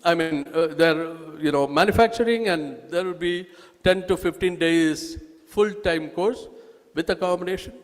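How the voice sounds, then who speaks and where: A man with an Indian accent speaks to an audience in a halting, emphatic manner, often restarting his phrases. His voice sits a little high for a man. It rings with the long reverb of a large hall. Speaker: speaker presenting a nursing course. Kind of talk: public talk at an event. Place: event hall.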